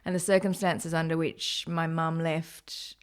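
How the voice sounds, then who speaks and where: A woman's voice: deep voice, little pitch movement, unhurried. An Australian woman in her thirties, a podcast guest talking candidly and laughing often. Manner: candid, laughs often, acts out quoted voices. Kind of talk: casual podcast interview.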